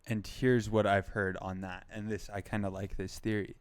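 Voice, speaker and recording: Rambling young man, low flat voice. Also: normal speed, smooth. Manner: rambling, heavy use of "like" and "um". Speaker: podcast co-host. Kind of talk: casual pop culture chat.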